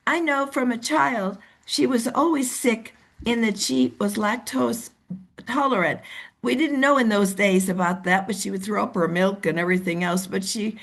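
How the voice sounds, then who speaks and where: A woman leading a team meeting over a video call. She coaches in an animated way and acts out the voices of the people she describes. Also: mid-range voice, moderate pace, creaky. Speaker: team leader. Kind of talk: motivational coaching talk.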